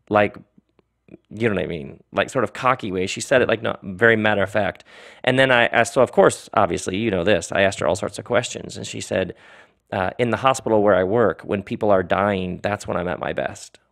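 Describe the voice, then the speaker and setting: Middle-aged male podcast host, low gravelly voice, chatty rambling monologue with frequent laughter. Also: a little fast. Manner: animated, laughing, rambling asides. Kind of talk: casual monologue.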